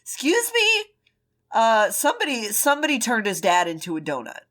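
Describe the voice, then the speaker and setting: Lively high-voiced woman podcast co-host. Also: normal speed. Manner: playful, joking, breaks into laughs. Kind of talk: casual chat recapping a drama.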